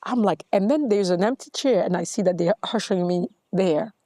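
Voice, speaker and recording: A woman's voice: medium pitch, fairly quick, dark tone. A middle-aged woman, a guest in an interview, telling her story with animation and acting out the voices in it. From Congo.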